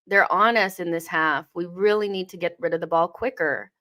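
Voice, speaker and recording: A young woman hosting a live football watchalong, reacting to the match, swearing and shouting at the players. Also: fairly low pitch, moderate pace.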